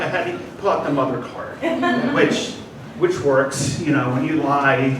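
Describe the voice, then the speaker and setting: A middle-aged man spins a personal comic story for a live class audience, his voice pitched high and leaping all over as he wanders into self-deprecating asides. He is caught from a distance in a very echoey room with noticeable background noise. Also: animated, moderate pace. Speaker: comedian. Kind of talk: stand-up storytelling monologue. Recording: roomy, distant mic, noisy ambience.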